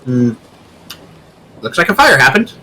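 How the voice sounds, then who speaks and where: A man playing a tabletop game, talking in an animated, joking way. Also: mid-range voice, a little slow, a little hiss or hum. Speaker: player.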